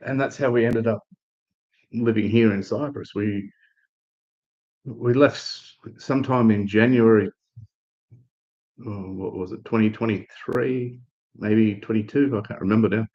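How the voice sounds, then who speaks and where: A man from Australia chatting casually on a live stream, telling a relaxed, rambling story with restarts and fillers. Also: on the low side, measured pace, long pauses, muffled recording.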